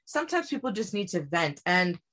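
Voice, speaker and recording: Brief: young adult woman, lowish bright voice, animated podcast co-host. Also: a little fast. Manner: animated, laughs while telling stories. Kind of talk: casual chat.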